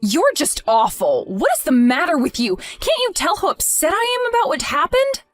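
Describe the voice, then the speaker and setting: A woman's voice: high voice, sing-song, normal speed, no room sound, faint music behind. A woman voicing a grieving young wife in a text-message drama, pleading and then outraged. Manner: emotional, pleading, rising to outraged.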